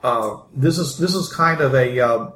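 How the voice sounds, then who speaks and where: Man game master, halting narration, mid pitch, echoey room, faint hiss. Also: lively intonation, a bit bright. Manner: halting, many restarts and fillers.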